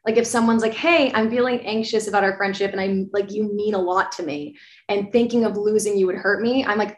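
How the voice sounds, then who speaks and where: A woman's voice: medium pitch, fairly even intonation, fairly quick. A young woman in her twenties, a podcast co-host, chatting casually over a video call in a rambling, apologetic way, full of fillers. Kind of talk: casual chat. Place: apartment bedroom, from the US. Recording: echoey room.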